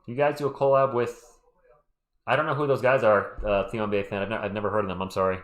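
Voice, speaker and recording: A man hosting a casual live play-by-play stream, calling plays and answering chat with an animated delivery while losing his voice. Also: lowish voice. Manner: animated, quick play calls mixed with chat shout-outs.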